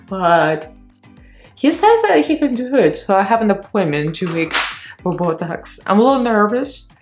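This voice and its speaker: A woman's voice: medium pitch, very animated, normal speed, music in the background. A woman in her thirties, a beauty vlogger and fitness instructor, talking in a rambling, candid way with a strained, shaky voice at her beauty desk at home. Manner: rambling, candid, laughs between phrases. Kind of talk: chatty get-ready-with-me vlog.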